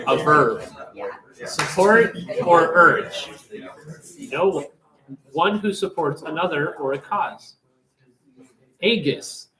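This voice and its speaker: A young man streaming, chatting and reading aloud with wry, deadpan commentary. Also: on the high side. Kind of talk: casual live-stream chat. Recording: echoey room with crowd noise.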